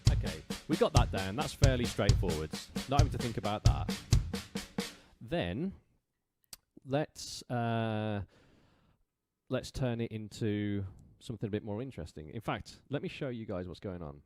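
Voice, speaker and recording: A man with an English accent and a fairly low, expressive voice teaches a live-streamed drum lesson at a measured pace. He counts beats aloud and explains casually with fillers while a drum kit plays in the background.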